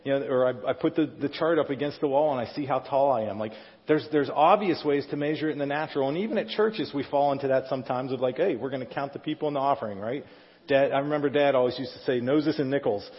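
A man's voice: medium pitch, fast. A middle-aged male pastor preaching a conversational sermon, often asking the congregation questions. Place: church sanctuary. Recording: dull sound in a reverberant hall.

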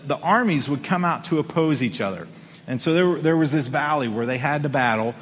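A man preaching in church, his voice a touch higher than most men's. He tells the story with animated, emphatic rises. A long reverb from the sanctuary trails after each phrase. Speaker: pastor. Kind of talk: sermon.

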